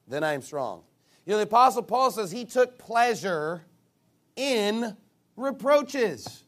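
A male preacher with a high voice that swings widely as he preaches. He reads with loud, drawn-out emphasis and drops into sarcastic asides. His delivery is animated and emphatic. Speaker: pastor. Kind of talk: sermon.

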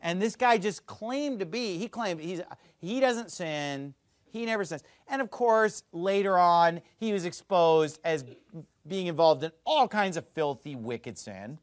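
Male pastor, emphatic sermon, bright high voice with wide swings. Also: animated, measured pace, dry recording, clean studio sound. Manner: emphatic, argumentative preaching.

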